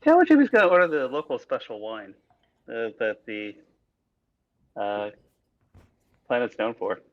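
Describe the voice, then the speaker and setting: A man's voice: mid-range voice, wildly swooping pitch, a little slow, lo-fi sound. A man playing a tabletop role-playing game, joking around with the group. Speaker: player.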